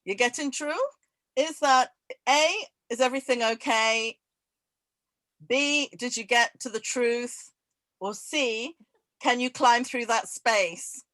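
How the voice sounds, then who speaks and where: A woman's voice: on the high side, bright, forceful tone, no room sound, low-quality recording. Laughing woman hosting a quiz. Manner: laughs often, repeats questions slowly. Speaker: event host running a quiz. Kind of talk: casual online event chat.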